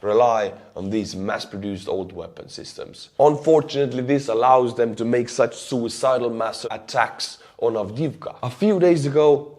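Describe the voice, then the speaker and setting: A man with an Estonian accent, his voice hoarse and worn. He sits a little low in pitch and talks earnestly through a news update, calling his viewers his friends. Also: darkish tone. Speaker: war update host. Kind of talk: news commentary.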